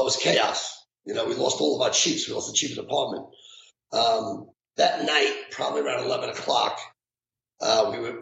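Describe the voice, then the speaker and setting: A middle-aged man with a gravelly voice tells his memories in a halting way, restarting and repeating words. The sound is echoey. Faint background noise sits under it. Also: mid-range voice, fairly bright tone. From New York. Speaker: retired firefighter guest. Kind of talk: emotional interview recollection.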